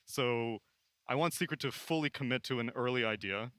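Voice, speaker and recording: A man's voice: mid-range voice, brisk, fairly bright tone, no echo. A man analysing strategy on a live esports panel, thoughtful and explaining at length.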